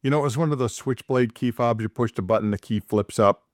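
A man's voice: medium pitch, fast, dry recording, clean studio sound. A man in casual chat, telling a long story with many fillers and restarts.

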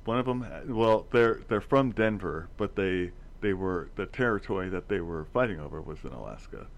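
A man's voice: low-pitched, animated, moderate pace, vocal fry. A man rambling through a movie plot in casual chat, often stumbling and restarting his words.

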